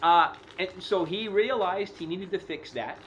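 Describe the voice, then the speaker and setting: A man with a slightly high voice co-hosts a casual podcast chat. He teases his co-host and laughs easily while he builds long, rambling points. A faint hiss of noise sits under the voice. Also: unhurried, fairly bright tone. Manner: teasing, laughs often, talks in long run-on points. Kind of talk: casual chat about motorcycle racing.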